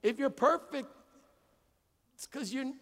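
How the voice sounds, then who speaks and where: A man's voice: extremely high pitch, slow pace, a bit bright, long reverb tail. A male pastor preaching a conversational sermon to his congregation, repeating phrases and acting out little dialogues. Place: church sanctuary.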